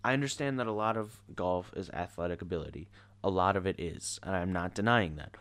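A man's voice: sits low, brisk, a bit bright. A teenage boy ranting casually in an exasperated, sarcastic way. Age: teens. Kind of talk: casual rant to camera.

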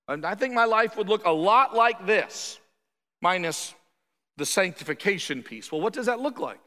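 A man with a high, bright, forceful voice preaches to his congregation. He talks conversationally and with emphasis, and keeps asking rhetorical questions. His words ring out with the long reverb of a large church hall. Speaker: pastor. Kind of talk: sermon. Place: church sanctuary.

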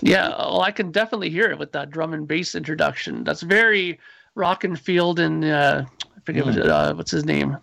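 A man in his forties or older, a musician guest, telling animated stories in casual chat and acting out his own past lines. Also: fairly high pitch, brisk, creaky, no echo.

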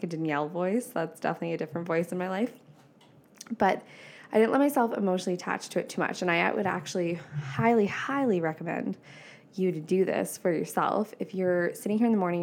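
A woman's voice: lowish voice, darkish tone. A woman in her twenties hosting a casual solo podcast, chatty and laughing often, with lots of "like" fillers. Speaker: podcast host.

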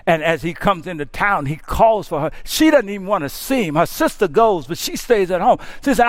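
A male pastor preaching a sermon, moving from hushed, tender lines to impassioned shouting and often repeating words as he builds up. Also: high-pitched, animated, a little fast, hardly any pauses, dry recording, studio quality.

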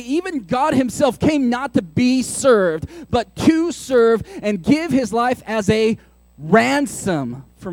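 A man, a pastor, preaching a sermon in an animated, conversational way with playful asides. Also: very high voice, dry recording.

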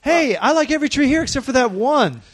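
A man's voice: extremely high pitch, lively intonation, quick pace, pitched above the performer's own voice. A man voicing a bratty little boy who taunts a tree on a lot. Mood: taunting. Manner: snotty, taunting.

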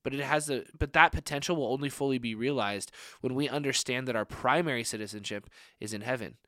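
A man's voice: medium pitch, fast, a bit bright, no echo. Earnest young man preaching, dry sound. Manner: earnest, conversational, many rhetorical questions; frequent filler "like". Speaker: young adults pastor. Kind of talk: sermon.

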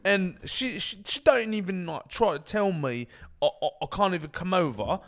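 A man's voice: animated, normal speed. A man putting on a rowdy British lad. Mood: boisterous. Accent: British put-on. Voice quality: loud, slangy, high-pitched. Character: rowdy young British lad, swaggering and worked up.

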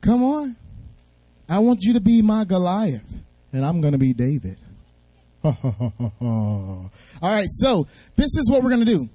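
A man speaking as a guest at a church service, telling a Bible story in a fast, playful way and drawing responses from the audience. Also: high-pitched, sing-song, mellow, no echo.

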